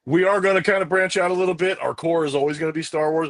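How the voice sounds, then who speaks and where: A man's voice: a little high, very fast, no echo. A man co-hosting a live-streamed podcast in casual chat, upbeat, reading viewer messages aloud and thanking them. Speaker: podcast co-host.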